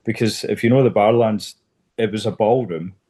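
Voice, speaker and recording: A man co-hosting a podcast, telling relaxed anecdotes in casual chat. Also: lowish voice, fairly quick, breathy edge. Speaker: podcast co-host.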